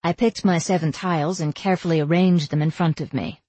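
A woman reading a first-person novel aloud in a wry, measured way. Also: low-pitched, fairly even intonation, mellow, dry recording. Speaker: audiobook narrator.

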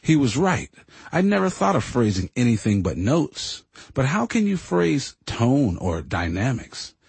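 A man's voice: medium pitch, very animated, a little slow, gravelly, a little mellow, breathy edge, no echo. A man reading first-person audiobook narration in a reflective, earnest way.

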